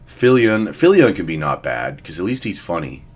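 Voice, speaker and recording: A man's voice: low voice, sing-song, moderate pace. A young man giving blunt, profane, rambling casual commentary as he ranks fitness figures. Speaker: fitness vlogger. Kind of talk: casual commentary ranking influencers.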